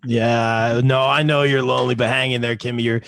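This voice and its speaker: A man's voice: mid-range voice, normal speed, dry recording. A man with a mid-range voice hosts a casual interview chat, easygoing and encouraging. He drops in the odd "uh" and "um". His sound is dry and close, with no room around it. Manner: relaxed and encouraging, with some "uh" and "um". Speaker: podcast host.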